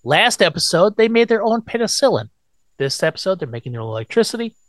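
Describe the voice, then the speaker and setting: Animated guy recapping an old sitcom, bouncy pitch, dry close sound. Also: quick pace, no room sound. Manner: animated, acts out quotes in silly voices. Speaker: podcast host recapping an episode. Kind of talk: casual recap chat.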